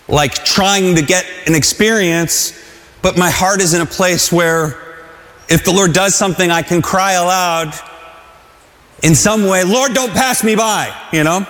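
A man preaching with a high voice, earnest and halting, often restarting a thought before pushing on. His calls rise to shouts, and his voice rings with a long reverb, as in a large hall. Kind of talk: sermon.

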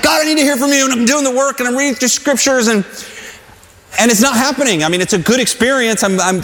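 A man's voice: sits high, fairly bright tone. A man preaching a sermon, earnest, repeating phrases and asking the congregation to say lines back with him. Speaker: pastor. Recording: long hall reverb.

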